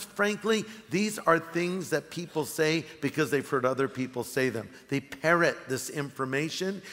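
A man's voice: on the high side, sharp tone. A middle-aged male pastor giving a sermon, telling stories and joking wryly with the congregation. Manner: storytelling, wry, addresses the congregation. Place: large church hall. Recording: long hall reverb.

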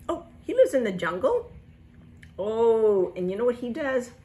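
A middle-aged woman teaching a lesson for toddlers in a sing-song voice, with animated, exaggerated gasps of delight. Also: on the high side, a little slow. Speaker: children's teacher.

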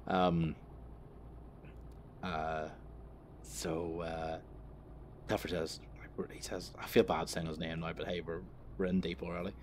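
A man's voice: low-pitched, little pitch movement, slow, long pauses, a little hiss or hum. A man giving casual gameplay commentary while telling a long, profane, rambling story, often correcting himself and laughing. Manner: profane, rambling anecdote teller; self-correcting, laughs through his story. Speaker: gaming video creator.

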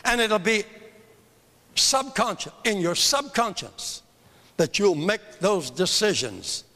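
Speaking slowly but expressively, the older man's high-pitched voice has a sharp edge as he delivers a church seminar like a fervent, emphatic sermon, repeating phrases for weight. The large church hall gives a long reverb.

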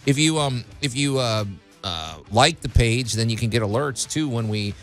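A man's voice: mid-range voice, animated, moderate pace, soft background music. A man hosting a casual radio talk show, rambling with many fillers and restarts.

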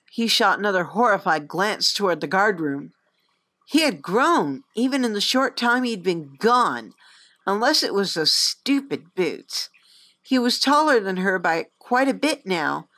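A woman reading a fantasy novel aloud in an expressive, lively storybook narration. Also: mid-range voice, a little slow. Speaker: audiobook reader.

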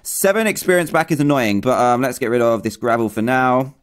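A young man from England narrates his game play as he goes. He talks to himself nonstop, and he sounds excitable and panicky. His voice sits at a middle pitch for a man. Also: brisk. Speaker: gaming YouTuber. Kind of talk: let's play commentary.

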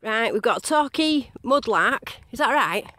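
Woman, high voice, lively sing-song pitch, bubbly chatty commentary, outdoor field, handheld camera. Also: measured pace, dry recording. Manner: bubbly, chatty, repeats herself in delight. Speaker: metal detecting vlogger. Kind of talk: excited casual running commentary.

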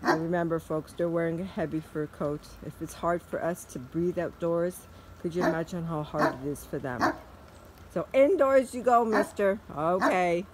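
A woman vlogging outdoors in a yard, talking to her dog in high sing-song baby talk. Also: moderate pace, background noise.

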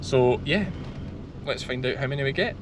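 A man's voice: medium pitch, lively intonation, normal speed, background noise. A middle-aged man with a Scottish accent, a sheep farmer hosting his own video and chatting casually as he works, now and then calling commands to a young dog. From west of Scotland. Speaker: sheep farmer and channel host. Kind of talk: casual vlog commentary while working. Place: outdoors in a large sheep field.

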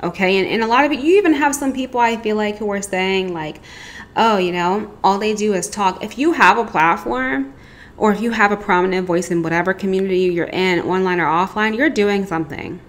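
A woman's voice: medium pitch, a little fast. A woman giving a casual, chatty tarot reading, rambling with lots of asides. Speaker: tarot reader.

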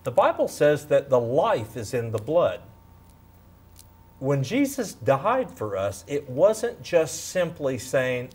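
A man in his fifties sharing a lively faith testimony as a guest, acting out quotes as he tells it. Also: mid-range voice, takes it slowly, breathy edge. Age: 50s. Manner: animated, storytelling, acts out quotes. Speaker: guest speaker. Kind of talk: faith testimony in a talk show.

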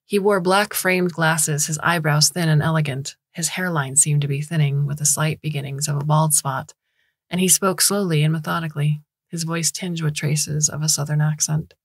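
A woman narrating a science fiction story in a measured, even reading voice. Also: sits low, breathy edge, no room sound, studio quality. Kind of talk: scripted narration.

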